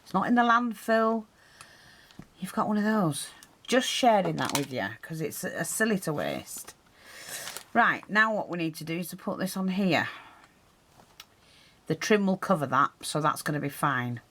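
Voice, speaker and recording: A woman's voice: lowish voice, sing-song, normal speed, pauses often, fairly bright tone, a little hiss or hum. A woman teaching a hands-on craft tutorial, chatting and explaining as she works, her breathing audible while she concentrates.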